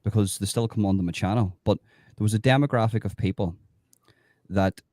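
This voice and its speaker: A man's voice: on the low side, fairly quick, mellow, dry recording, clean studio sound. A man who is a guest on a casual livestream chat, talking earnestly as he explains himself. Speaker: guest, fellow streamer.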